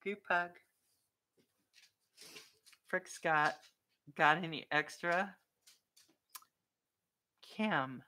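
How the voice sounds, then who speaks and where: A woman's voice: fairly low pitch, drawn-out words, pauses often, sharp tone. A woman vlogger in a casual live-stream chat with viewers, chatty and playful, often laughing and breaking off to talk to her dog.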